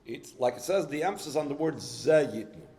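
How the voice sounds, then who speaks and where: A man's voice: on the high side, lively intonation, fairly quick, mellow, in a large hall. A man teaching a Hasidic text in a lecture, reading Hebrew source lines, explaining them in English and posing rhetorical questions. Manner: poses rhetorical questions, with frequent restarts. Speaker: Torah teacher.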